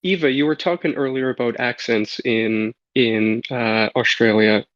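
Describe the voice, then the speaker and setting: A man's voice: mid-range voice, fairly even intonation, a little slow, fairly bright tone, no echo. A Canadian man with a Canadian accent, a podcast guest chatting casually, stammering and restarting as he rambles. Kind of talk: casual chat. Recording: slightly dull lo-fi audio.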